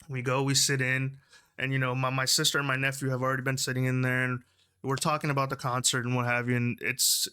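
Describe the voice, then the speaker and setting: A young man tells a concert story in a casual vlog, animated and laughing, leaping into high, excited voices when he quotes people. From Houston, Texas. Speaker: concert-going fan.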